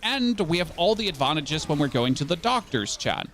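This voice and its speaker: Male streamer with a German accent, slightly high voice, sarcastic and rambling, chatting with his audience mid-game. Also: very animated, normal speed, a bit bright, slight background noise. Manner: sarcastic, rambling, talking to chat. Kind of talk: casual live-stream chat while gaming.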